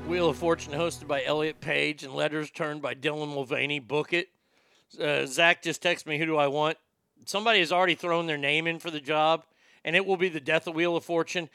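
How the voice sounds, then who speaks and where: Bright, crisp-voiced male talk host. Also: fairly high pitch, fairly quick, faint music behind. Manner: animated, wry storyteller who swears freely. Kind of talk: casual storytelling and chat.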